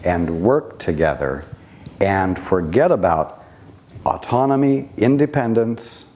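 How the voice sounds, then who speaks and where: Male spiritual teacher, deep and unhurried, measured delivery with long pauses. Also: animated, darkish tone. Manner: slow, deliberate, with long pauses and rhetorical questions.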